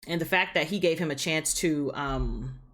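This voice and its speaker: A woman with a low-pitched voice talks through a TV episode recap in a casual, chatty way. She tells the story with animated energy, repeating phrases and filling pauses with "um". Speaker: reaction channel host.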